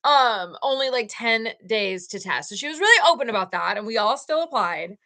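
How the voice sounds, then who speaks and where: A woman hosting a casual live stream from her crafting room at home, chatting and gushing excitedly to her viewers. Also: fairly high pitch, normal speed. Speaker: livestream host.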